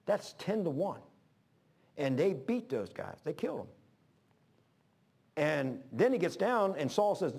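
A man's voice: on the high side, big pitch swings, unhurried, creaky, long pauses, breathy edge. Storytelling man preaching a sermon. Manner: storytelling, emphatic, swings between loud and hushed.

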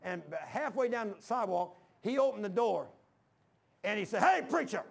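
A man's voice: high-pitched, moderate pace, gravelly. A male pastor preaching a sermon in a church, telling folksy stories and acting out the dialogue. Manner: folksy storytelling, acts out dialogue.

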